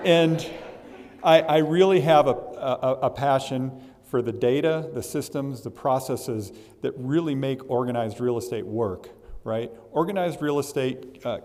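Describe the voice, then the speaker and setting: A man giving a candidate speech as the incoming association president, halting and emotional, often repeating words. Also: mid-range voice, a little mellow. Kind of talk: candidate speech at a meet and greet. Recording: reverberant hall.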